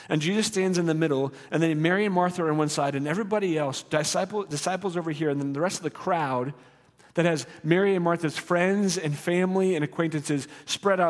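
A man's voice: fairly high pitch, long reverb tail. A man preaching a sermon in an earnest, conversational teaching manner with rising emphasis. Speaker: pastor.

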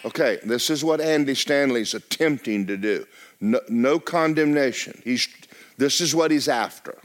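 A man's voice: medium pitch, normal speed. A man preaching a sermon as pastor of a church, talking straight to the congregation with joking asides.

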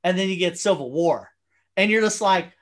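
A woman in casual conversation, talking excitedly with lots of filler words and swearing. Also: lowish voice, normal speed. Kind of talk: casual chat about a movie.

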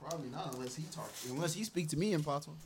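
A man co-hosting a casual chat, animated and getting loud when excited. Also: fairly high pitch, very fast. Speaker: podcast co-host.

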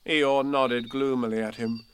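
A man narrating a children's storybook with gentle, expressive storytelling. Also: medium pitch, unhurried, clean tone.

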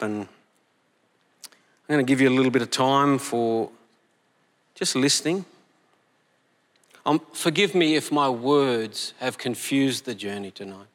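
A man preaching as pastor, leading a slow, gentle, prayerful reading. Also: medium pitch. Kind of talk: sermon. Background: soft band music.

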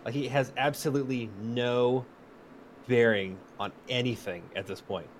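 A man's voice: medium pitch, fairly even intonation, normal speed, a little hiss or hum. A man co-hosting a casual podcast over a video call, talking emphatically and swearing freely. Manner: emphatic, profane, exclamatory. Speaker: podcast co-host.

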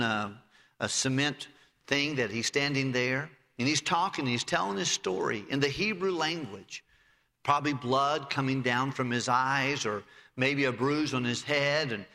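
A man's voice: mid-range voice, sharp tone, long reverb tail. A man preaching a sermon, retelling scripture vividly and reading in old-style biblical phrasing.

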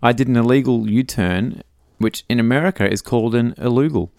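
Smooth-voiced Australian dad podcaster. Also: male voice, mid-range voice, fairly quick, darkish tone, no room sound, studio quality. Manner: jokey, reads out listener messages. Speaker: podcast co-host. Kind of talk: casual chat.

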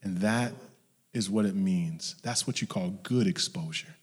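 A man preaching a sermon, telling stories and acting out his parents, dropping to hushed whispers and rising to loud shouts. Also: low voice, unhurried, husky. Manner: storytelling, acts out family members in his anecdotes. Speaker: pastor. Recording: long hall reverb.

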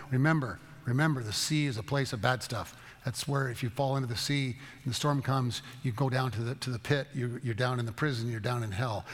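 A man's voice: mid-range voice, fairly quick, few pauses, long reverb tail. A man giving an informal Bible teaching talk, telling stories in a folksy, rambling way. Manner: storytelling, folksy, rambling with restarts. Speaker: teacher leading a Bible study.

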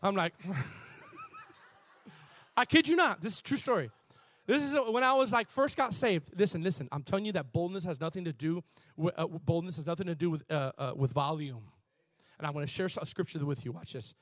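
A man preaching a sermon in an animated, conversational way, shifting from soft asides to shouts. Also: a little high, brisk, dry recording. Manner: conversational, laughs and repeats words. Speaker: pastor.

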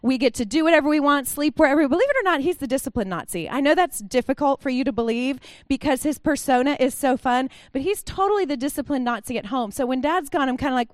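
A woman's voice: high voice, expressive, quick pace, few pauses, no room sound, clean studio sound. A woman giving a sermon in a chatty, conversational way, acting out the quotes. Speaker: pastor.

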